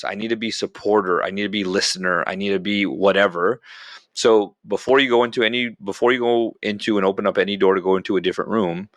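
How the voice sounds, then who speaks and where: Man, middle-aged, blunt, animated, motivational storytelling, podcast guest, dry close sound. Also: medium pitch, dry recording. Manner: blunt and animated, calls listeners bro. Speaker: veteran guest speaker.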